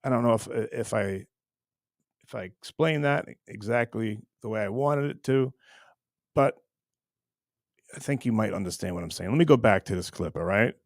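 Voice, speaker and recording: A man's voice: lowish voice, normal speed, long pauses, no room sound, clean studio sound. A man hosting his own online show, ranting casually to camera in a rambling, teasing way with many restarts. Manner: rambling, repeats words and restarts often, teasing.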